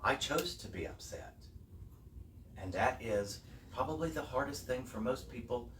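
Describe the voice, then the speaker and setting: A man delivers a sermon at an unhurried, deliberate pace, now and then rising to emphatic peaks. His voice is picked up from some way off and rings around a reverberant hall, with a faint room ambience underneath. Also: medium pitch, animated, fairly bright tone, recorded from a distance, a little hiss or hum. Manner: slow, reflective preaching with rising emphatic peaks. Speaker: minister. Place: church hall.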